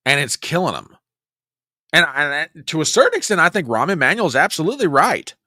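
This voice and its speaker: A man's voice: on the high side, very animated, brisk, pushed and bright, no room sound, studio quality. Exasperated man hosting a commentary stream. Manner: exasperated, talks back to clips and chat. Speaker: host of a political commentary show. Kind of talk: livestream commentary reacting to clips.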